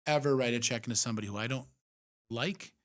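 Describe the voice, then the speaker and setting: A man co-hosting a podcast as an investor, talking frankly with casual swearing and animated asides. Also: mid-range voice, fast. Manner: frank, profane, animated storytelling. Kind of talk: casual chat.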